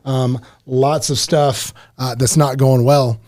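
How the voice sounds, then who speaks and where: A middle-aged man hosting a casual podcast, animated and emphatic, often repeating himself. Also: medium pitch, takes it slowly, no room sound, studio quality. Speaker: podcast host. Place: podcast studio.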